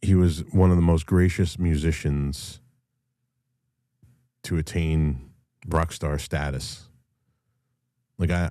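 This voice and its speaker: Middle-aged man, very deep and dark voice, dry sound, blunt and profane solo talk. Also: no echo. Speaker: show host and rock musician. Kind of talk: casual solo monologue.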